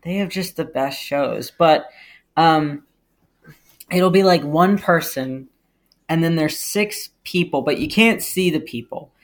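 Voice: medium pitch, slow pace. A podcast co-host chatting casually, hesitant and full of "like" and "um". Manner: hesitant, lots of fillers and "like". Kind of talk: casual chat.

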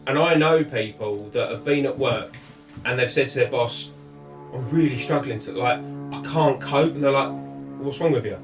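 A man's voice: medium pitch, normal speed, faint music behind. A man hosting a podcast, talking earnestly in casual chat with many restarts. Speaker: podcast host. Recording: echoey room, mic at a distance.

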